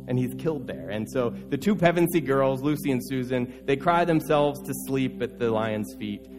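Man, pastor, sermon, earnest, urging, repeated phrases, music behind. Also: mid-range voice.

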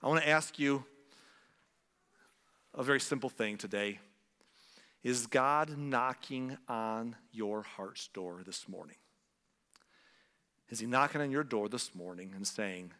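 A man preaching as a pastor, leading an earnest Easter altar call and a slow, hushed prayer in a church. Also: mid-range voice. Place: church sanctuary. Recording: long hall reverb.

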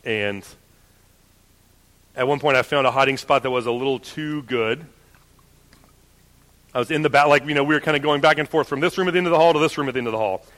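A young man preaching a sermon, moving from a personal story told in a quiet conversational voice to forceful preaching. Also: mid-range voice, fast talker, pauses often. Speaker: pastor. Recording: church hall reverb.

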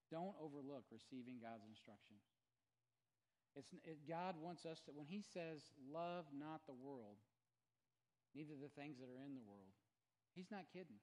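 A man preaching a sermon as pastor, impassioned and building to near shouts. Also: medium pitch. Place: church sanctuary. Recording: long hall reverb.

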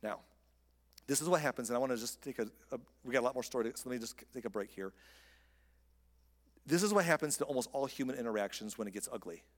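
A man's voice: mid-range voice, fast talker. Man preaching in an echoing hall. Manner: conversational and emphatic, with rhetorical questions. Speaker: pastor. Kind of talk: sermon. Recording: long hall reverb.

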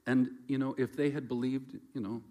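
A man preaching a sermon in a reflective, conversational way, moving between loud emphasis and quiet asides. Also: mid-range voice, steady tone, moderate pace.

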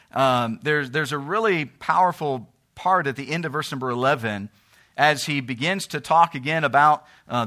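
A man with a bright, forceful voice pitched a little high preaches a sermon. He reads scripture in old-fashioned English, then talks it through plainly with fillers and restarts, growing louder and higher when he pleads. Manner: reads scripture in King James English, then explains with fillers and repeated phrases. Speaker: pastor.

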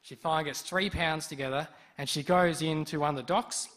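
Male preacher, fairly high and forceful voice, lively sermon storyteller. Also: fairly quick. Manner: lively storyteller who acts out quoted speech.

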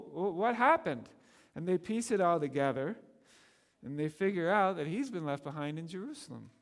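A man preaching a sermon in a conversational, animated way, often laughing and acting out the people in the story. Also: sits high, big-room sound. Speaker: pastor.

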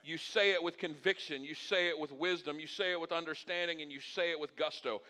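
A man preaching a sermon as pastor, animated and folksy, building to loud, impassioned peaks. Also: a little high, fairly quick. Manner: folksy and humorous asides.

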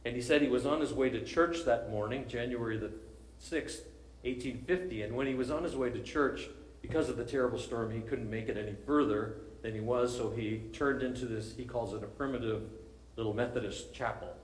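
A man's voice: mid-range voice, a little fast, reverberant, low-quality recording. A male pastor preaching a sermon, telling a story with animation and frequent chuckles.

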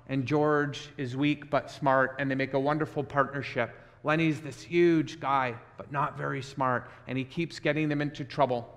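A man preaching a sermon as pastor, shifting from soft storytelling to fervent emphasis. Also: medium pitch, long reverb tail.

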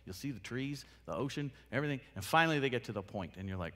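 A man's voice: mid-range voice, fast talker, hardly any pauses. A man giving a casual talk on listening skills, acting out short exchanges and laughing at himself. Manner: animated, acts out little dialogues with laughs. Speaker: workshop speaker. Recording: long hall reverb.

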